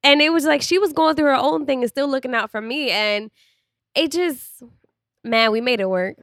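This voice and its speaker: A woman's voice: high voice, normal speed, fairly bright tone, dry recording. Casting: young woman, candid chatty podcast co-host, close dry mic. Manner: candid, chatty, laughs often. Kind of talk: casual chat.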